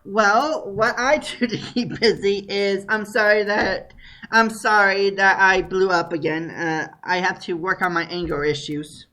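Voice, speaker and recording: A man from Wisconsin talks with a tense, bright edge and a fairly high voice. He is a guest on a casual internet talk show. He blurts out in exasperation, then turns apologetic. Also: steady tone, unhurried. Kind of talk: casual talk radio chat.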